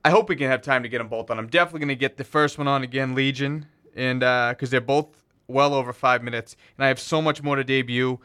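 Another metal radio host talks loosely from a small station studio, introducing tracks with fillers and self-corrections in casual patter. He speaks fast, in a bright, forceful, clear and resonant mid-range voice with fairly even intonation.

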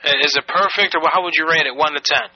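A man's voice: fairly high pitch, fast talker. Mock-angry man making a prank call. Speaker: prank caller. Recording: dull lo-fi.

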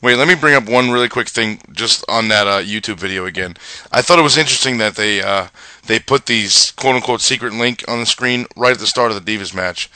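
A man's voice: on the low side, brisk, pushed and bright, smooth, no echo. A man co-hosting a wrestling podcast in casual chat, rambling and ranting with many fillers.

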